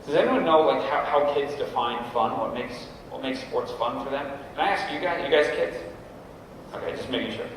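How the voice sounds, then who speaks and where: A man's voice: mid-range voice, expressive, fairly quick, a little hiss or hum. Man speaking in an echoey hall. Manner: conversational, often adds "right?" to check in with the room. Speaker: guest speaker at a coaches' meeting. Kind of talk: informal talk to an audience. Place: large room at a meeting. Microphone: camera at a distance. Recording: echoey hall recorded from far off.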